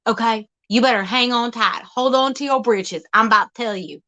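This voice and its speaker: A woman's voice: on the high side, normal speed, sharp tone. A woman hosting an outdoor vlog, rambling in a folksy, teasing comic monologue. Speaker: vlog host.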